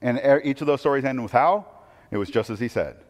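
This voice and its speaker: A man's voice: mid-range voice, fast talker, a little mellow, big-room sound. A man preaching a conversational sermon, asking rhetorical questions and quoting scripture. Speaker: pastor.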